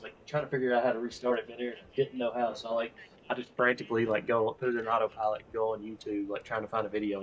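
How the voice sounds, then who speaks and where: A man's voice: fairly low pitch, a little hiss or hum, low-quality recording. A man joining a live stream over voice chat, telling a story in a chatty, rambling way. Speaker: visiting fellow player. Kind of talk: casual chat over voice call.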